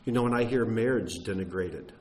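A man's voice: lowish voice, fairly quick, darkish tone. A man giving an earnest, emphatic sermon teaching, with some wry humor and frequent fillers and restarts. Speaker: teacher of a Messianic congregation.

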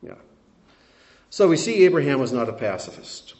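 Older man, pastor, mid-pitched voice, sermon with emphatic rises and hushed drops. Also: very animated, moderate pace. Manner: swings from emphatic peaks to quiet asides.

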